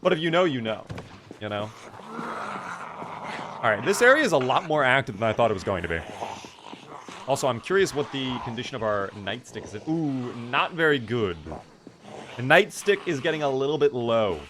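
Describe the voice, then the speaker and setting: A chatty man streaming a game and talking to his viewers in a loose, rambling way. His voice sits at an ordinary middle pitch for a man. A steady noisy hiss runs under the recording. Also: normal speed, pauses often. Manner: rambling, chatty, lots of "like" fillers. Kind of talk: casual live-stream chat.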